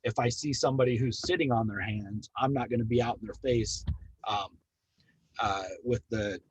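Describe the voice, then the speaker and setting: A middle-aged man training hospice staff, talking calmly and steadily, with frequent ums. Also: mid-range voice, breathy edge, no room sound, rough recording. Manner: calm, measured, with frequent ums.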